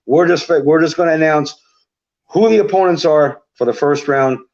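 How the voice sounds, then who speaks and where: A man's voice: on the high side, moderate pace, darkish tone, highs cut off. A man who is a wrestling referee, a guest in a casual interview, upbeat and announcer-like when giving event details.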